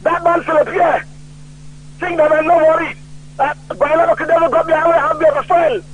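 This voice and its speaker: A man calling in to a radio talk show, ranting loudly about politics and retelling old conversations. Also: very high voice, little pitch movement, a little fast. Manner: loud and heated, retelling quoted conversations. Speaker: radio call-in caller. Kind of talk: political rant on a call-in show. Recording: tinny phone line.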